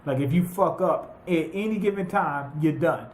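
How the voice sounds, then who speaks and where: A man's voice: on the high side, normal speed, reverberant. A man giving a casual, profane, rambling recap of an anime episode as a reviewer. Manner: profane, rambling, animated retelling with quoted voices.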